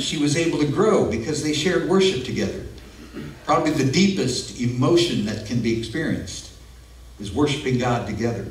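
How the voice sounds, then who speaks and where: A man preaching a sermon as pastor, in an earnest, conversational way with personal asides, in a church. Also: medium pitch. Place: church sanctuary. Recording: echoey room, mic at a distance.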